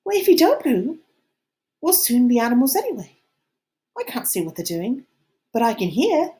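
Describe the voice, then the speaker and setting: A woman voicing an anxious, fussy schoolboy who frets and pleads in a high, squeaky voice, reading an audiobook. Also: sing-song, moderate pace, warm tone.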